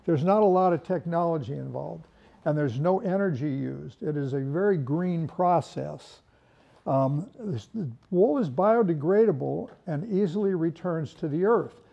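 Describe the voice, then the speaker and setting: Older man, seasoned industry presenter; warm, folksy and joking, somewhat high and gravelly, dull lo-fi sound. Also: measured pace. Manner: folksy, rambling storyteller with humor. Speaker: wool carpet industry veteran giving product talk. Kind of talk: informal product presentation.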